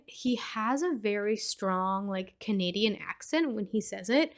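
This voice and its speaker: A woman's voice: mid-range voice, expressive, unhurried, few pauses. A woman hosting a podcast, casually retelling a horror movie's plot in a chatty way with frequent fillers. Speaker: podcast host.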